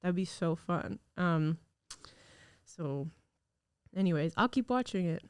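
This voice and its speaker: Chatty woman with a smooth, dry voice. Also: on the low side, lively intonation, slow, no room sound. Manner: chatty, rambling, lots of fillers. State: recovering from illness. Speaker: podcast host. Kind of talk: casual solo podcast chat. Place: recording studio.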